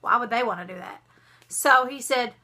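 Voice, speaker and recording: A young woman, telling a story to her vlog viewers in a dramatic, animated way. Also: on the high side, moderate pace. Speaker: vlogger.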